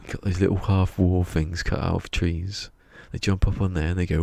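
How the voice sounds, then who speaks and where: A man's voice: low-pitched, flat delivery, unhurried, creaky, darkish tone. A man chatting casually while streaming a game, rambling and chuckling as he talks to himself. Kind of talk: casual gaming stream chat. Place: home room.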